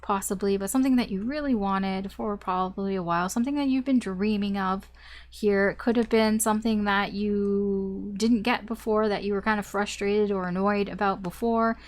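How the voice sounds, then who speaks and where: A woman's voice: mid-range voice, steady tone, normal speed. A young woman giving a casual tarot reading, talking in a rambling, chatty way with fillers and the odd swear word. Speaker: tarot reader.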